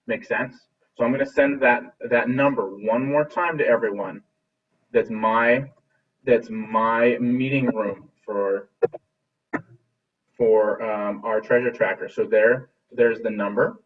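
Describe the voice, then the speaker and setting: Over a video call, a husky-voiced man leads a music lesson, cheering on his students and frequently restarting sentences. His pitch is medium and his intonation fairly even, with a slow pace. He's set back from the laptop mic, so the dull, lo-fi audio makes him sound far away.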